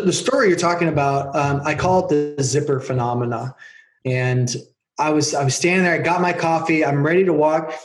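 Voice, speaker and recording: A man telling stories as a guest on an interview show, lively and acting out the people in his anecdotes. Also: a little high. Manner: animated storyteller, acts out voices in anecdotes. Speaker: podcast guest, performance coach. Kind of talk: casual interview chat. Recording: roomy echo.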